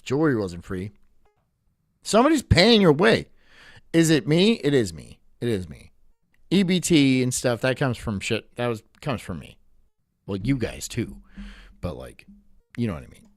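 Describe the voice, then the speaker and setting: A man hosting a live stream, reacting to clips in an animated way and swearing often. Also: mid-range voice, moderate pace, pauses often, no room sound, clean studio sound. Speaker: streamer host.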